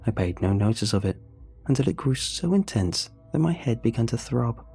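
Dark, husky male horror narrator. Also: medium pitch, very animated, soft background music. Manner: measured, first-person storytelling. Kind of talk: scripted horror story narration.

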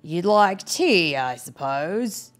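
A woman's voice: fairly low pitch, big pitch swings, slow, soft background music. A woman voicing a fussy, put-upon male wombat in a picture-book read-aloud, huffing and singing his lines. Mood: huffy. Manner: huffy, sing-song.

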